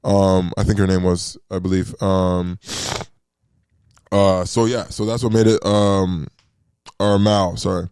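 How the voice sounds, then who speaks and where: A man co-hosting a podcast, explaining a film hesitantly with many pauses and self-corrections. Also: low-pitched, little pitch movement, darkish tone, smooth. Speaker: podcast co-host. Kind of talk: casual movie discussion.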